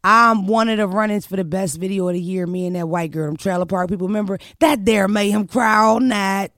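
A young adult woman hosting a podcast, telling her story in a casual chat. She speaks in a brash, profane, animated way. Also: medium pitch, brisk, no echo, clean studio sound. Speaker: podcast host.

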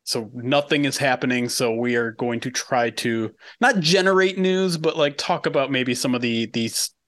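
A man's voice: mid-range voice, normal speed, a bit bright, dry recording. A man co-hosting a podcast in a laid-back, teasing way with lots of fillers. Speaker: podcast co-host. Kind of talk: casual podcast chat.

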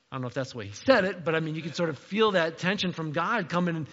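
A man's voice: on the high side, fast talker, hardly any pauses, fairly bright tone, long reverb tail, muffled recording. A man preaching a sermon in a conversational, playful way, acting out the quotes. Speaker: pastor.

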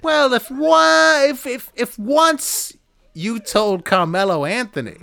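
A podcast co-host reading out a series of comic setups, stammering and laughing through them. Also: male voice, sits high, sing-song, takes it slowly, gravelly, pushed and bright, dry recording. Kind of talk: comedy podcast bit.

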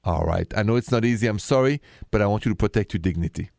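A man's voice: fairly low pitch, fast, gravelly, darkish tone, dry recording, studio quality. A man with a French accent hosting a call-in radio show, giving frank, direct relationship advice.

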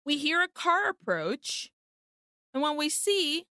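A woman co-hosting a podcast, telling a film's plot in animated, casual chat with frequent swearing. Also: high voice, takes it slowly, no room sound, studio quality. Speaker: podcast co-host. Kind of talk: casual film recap chat.

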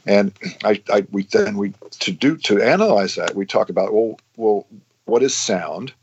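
A man's voice: on the low side, animated, moderate pace, highs cut off, background noise. A man explaining science in casual podcast chat, with frequent restarts and fillers.

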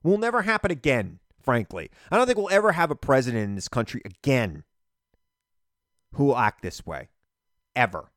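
A man hosting a political podcast, talking in an animated, emphatic solo monologue and repeating phrases for punch. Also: medium pitch, moderate pace, no room sound, studio quality.

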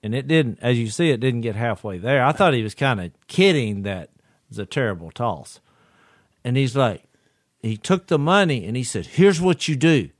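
A man's voice: mid-range voice, normal speed, no echo, clean studio sound. A man, a podcast co-host telling a story in casual chat and laughing along with it. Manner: animated, laughs through his own story.

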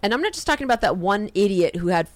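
A woman rants on a comedy podcast, swearing freely and jumping between quick asides with lively energy. Her voice is recorded close and dry. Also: mid-range voice, no echo. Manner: profane, animated ranting with quick asides. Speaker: podcast co-host. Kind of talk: casual comedic podcast rant.

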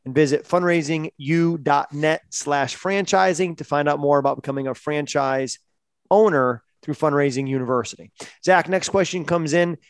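Higher-voiced male podcast host. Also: smooth, no room sound, studio quality. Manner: brisk affirmations; reads sponsor copy slowly and spells out details. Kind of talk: hosting a Q&A, reading sponsor messages.

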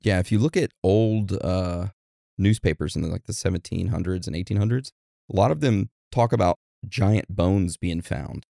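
A man co-hosting a casual podcast, joking around and reading out listener shout-outs in an animated way. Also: low-pitched, moderate pace, gravelly, no room sound, studio quality. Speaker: podcast co-host.

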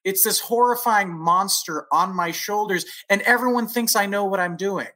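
A man from the San Francisco Bay Area, a composer chatting as a podcast guest, self-deprecating and quick to laugh. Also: high voice, bright, forceful tone. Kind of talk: casual chat.

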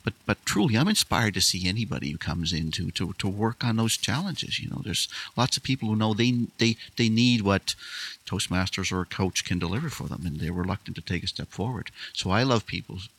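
A man with a very low voice talks quickly and warmly through his stories. He is a guest on a casual podcast. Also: expressive, slightly rough. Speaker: podcast guest, public speaking club leader.

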